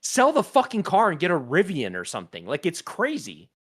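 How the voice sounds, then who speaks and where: A man's voice: fairly high pitch, a little fast, breathy edge. A man co-hosting a casual podcast, ranting about a pet peeve with lots of swearing and frequent laughter. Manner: profane, animated, laughing often. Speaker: podcast co-host.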